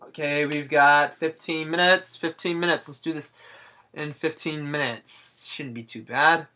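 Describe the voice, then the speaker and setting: Talking himself through his art on a live drawing stream, this host rambles and cracks jokes with viewers. His voice is a little high, pushed and bright, with fairly even intonation and a measured pace.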